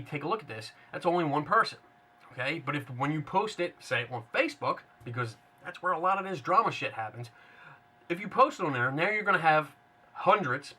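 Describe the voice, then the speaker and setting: A man's voice: a little high, sharp tone. A man hosting a casual, unscripted monologue, blunt and sarcastic, rambling with frequent restarts. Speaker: paranormal skeptic host.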